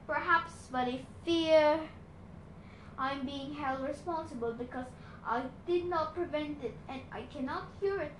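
A woman reading as a grave, gentle centaur teacher. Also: sits high, unhurried, reverberant, slight background noise, rough recording.

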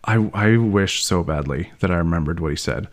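A man's voice: low voice, fairly quick. A man co-hosting a podcast, telling a school anecdote in casual chat and laughing often. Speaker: podcast co-host.

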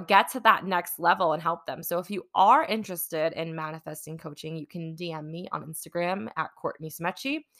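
A woman with a fairly low, sharp-toned voice hosts her own podcast, where she works as a manifesting coach. She tells a personal story in a rambling, chatty manner, packed with fillers like "like" and "you know."

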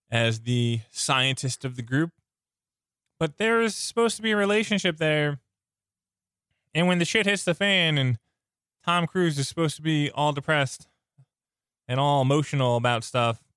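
Male podcast host, under the weather, strained voice, rambling and excited, dry close-mic sound. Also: medium pitch, no echo. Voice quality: sounds like something in his mouth. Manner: rambling, enthusiastic, self-interrupting. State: sick, voice strained. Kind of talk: casual podcast chat.

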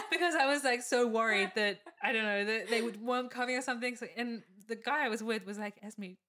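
A young woman, co-hosting a casual chat and telling a story with lots of laughs and acted-out quotes. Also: a little high. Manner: animated, laughing storyteller who acts out quotes.

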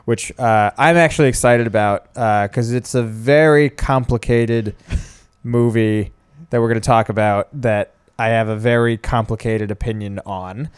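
Smooth-voiced man riffing on a podcast. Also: medium pitch, measured pace, no echo. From Italian heritage. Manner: joking, rambling with fillers. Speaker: podcast co-host. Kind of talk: casual podcast banter.

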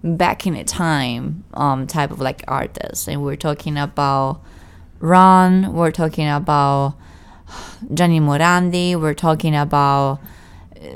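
Podcast co-host, woman, low smooth voice, chatty and self-deprecating. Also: fairly even intonation, takes it slowly. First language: Italian. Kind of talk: casual podcast chat.

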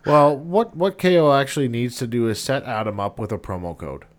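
A man's voice: medium pitch, a little fast. A man hosting a podcast in casual chat, easygoing and blunt, with occasional swearing. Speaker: podcast host.

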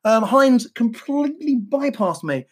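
A woman's voice: fairly high pitch, animated, unhurried, breathy edge. A woman hosting a podcast, chatting casually in a rambling, jokey, self-mocking way. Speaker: podcast host. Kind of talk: casual chat.

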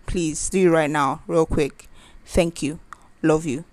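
Woman, 20s, podcast host, quick self-promo, insistent, fairly low voice, dry sound. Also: fairly even intonation, darkish tone, dry recording. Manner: urgent, insistent.

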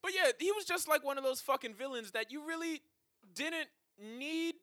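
Animated, high-voiced man telling stories. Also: normal speed, dry recording, studio quality. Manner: animated, laughing, profane storytelling. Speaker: podcast co-host. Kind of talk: casual comedic chat.

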